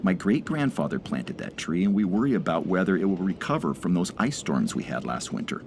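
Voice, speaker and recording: A man voicing a cheerful, gentle Japanese man in his seventies who chats with delight. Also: deep voice, very animated, fairly quick, creaky, slight background noise, full character voice. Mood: cheerful chatting.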